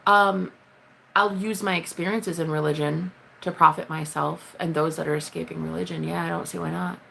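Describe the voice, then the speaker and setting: Woman livestreamer, low gravelly voice, blunt, swears freely, jumps up high to greet viewers. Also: steady tone, normal speed, a bit bright. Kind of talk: casual live-stream chat with viewers.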